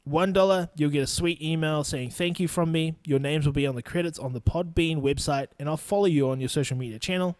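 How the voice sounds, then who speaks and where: A man's voice: fairly high pitch, brisk, few pauses, darkish tone, dry recording. A man in his twenties with a New Zealand accent, hosting a solo podcast and ranting bluntly with lots of swearing. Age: 20s. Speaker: podcast host. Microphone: studio microphone.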